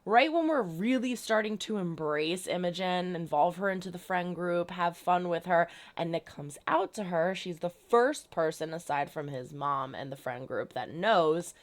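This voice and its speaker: A woman's voice: fairly low pitch, expressive, normal speed, few pauses. A woman chatting casually as a reaction video host, recapping an episode in an emphatic way and now and then slipping into mocking voices. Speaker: reaction youtuber.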